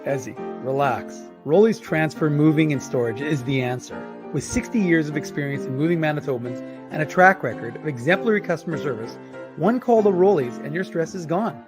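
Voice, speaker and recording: A man playing a calm, helpful friend in a radio ad skit, pitching a moving company in a reassuring way. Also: a little fast, music in the background, lightly acted.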